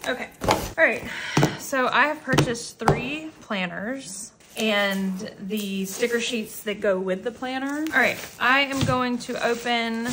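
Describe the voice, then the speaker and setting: A woman talking casually in an unboxing vlog at home, gushing and excitable as she chats on. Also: mid-range voice, background noise. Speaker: planner vlogger. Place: common room at home, indoors.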